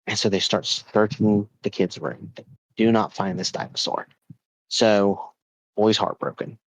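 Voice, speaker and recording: A man's voice: lowish voice, little pitch movement, measured pace, no echo, rough recording. A man hosting a podcast, telling a ghost story in a loose, rambling way with lots of restarts. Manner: rambling, with many repeats and fillers. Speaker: podcast host.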